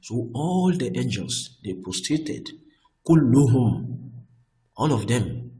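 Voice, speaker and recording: A man teaching Arabic grammar, often repeating himself and checking with "I hope that is clear.". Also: mid-range voice, big pitch swings, unhurried, mellow, low-quality recording. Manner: restarts and repeats words often. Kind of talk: explaining Arabic grammar on screen.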